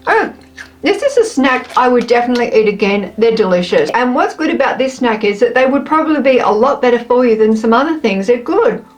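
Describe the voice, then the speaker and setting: A woman's voice: a little high, expressive, a little fast, reverberant, soft background music, low-quality recording. An Australian woman chatting playfully through a casual taste-test vlog while cooking at home. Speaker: food vlogger. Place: home kitchen.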